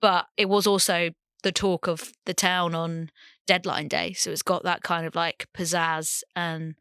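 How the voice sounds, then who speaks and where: A woman's voice: on the low side, little pitch movement, measured pace, a bit bright, clear, resonant tone, dry recording, clean studio sound. A woman hosting a podcast, chatting casually and playfully about women's football. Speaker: podcast host.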